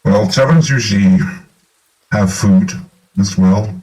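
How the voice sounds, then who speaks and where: A man playing a tabletop game, speaking calmly and reasoning things through. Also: lowish voice, takes it slowly, recorded from a distance, rough recording. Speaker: player. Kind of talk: casual chat in a tabletop game.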